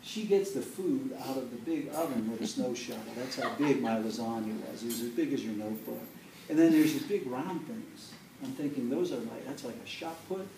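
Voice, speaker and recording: A man from Chicago telling an animated story and coaxing a live class to join in as a motivational speaker. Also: medium pitch, fairly quick, noisy background. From Chicago, USA. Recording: roomy sound from a distant mic.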